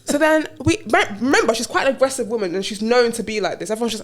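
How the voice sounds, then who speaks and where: A young woman talks fast and tells her stories with lots of life, slipping into the voices of the people she quotes. Her voice sits fairly high, and the talk is loose and conversational. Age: young adult. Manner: animated storyteller acting out quoted voices. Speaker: podcast guest. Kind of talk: casual chat, storytelling.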